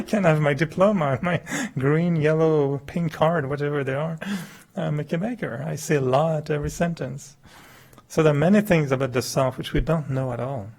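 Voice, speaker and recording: A middle-aged man, not a native English speaker, gives a chatty, humorous spiritual talk as a meditation teacher. He laughs often at himself and acts out quoted dialogue with big jumps in pitch. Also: moderate pace, creaky, a little mellow.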